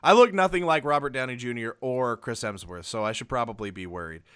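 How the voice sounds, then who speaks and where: A man's voice: mid-range voice, brisk, fairly bright tone, clean tone. A young adult man co-hosting a podcast, rambling through a film review and acting out favorite scenes. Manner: rambling, acts out scenes in retelling. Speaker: podcast co-host. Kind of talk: casual film review chat.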